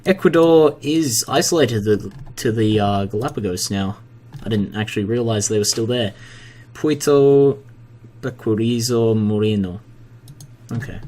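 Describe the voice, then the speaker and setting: A man casually commenting on a strategy game at his computer, relaxed and self-deprecating, often stumbling over place names. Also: on the low side, normal speed. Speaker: gaming commentator.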